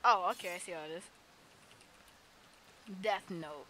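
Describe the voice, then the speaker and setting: A woman's voice: on the low side, measured pace, heavy background noise. A woman gaming with a friend in casual chat, playful and teasing, laughing often. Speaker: gamer.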